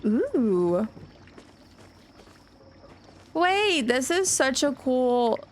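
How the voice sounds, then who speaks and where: A woman game streamer chatting casually on a live stream, gushing and excitable, rambling with lots of restarts. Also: high-pitched, drawn-out words.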